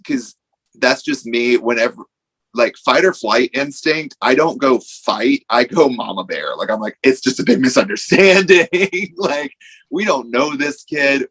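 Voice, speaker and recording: In a mid-range, fairly bright voice, this wrestler is guesting on a podcast and telling a casual story. It rambles, packed with "like" and acted-out quotes, and the audio is poor.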